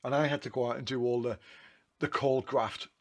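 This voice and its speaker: A man's voice: mid-range voice, steady tone, a little fast. A man, a photographer, casually telling rambling anecdotes about his photos, often correcting himself mid-sentence. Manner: rambling, self-correcting, chatty. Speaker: photographer talking through his photo book.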